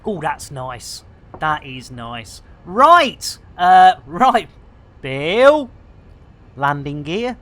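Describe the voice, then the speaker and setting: A woman streaming live, chatting casually in a bubbly, jokey way, with bursts of shouting and laughter. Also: deep voice, sing-song, very slow.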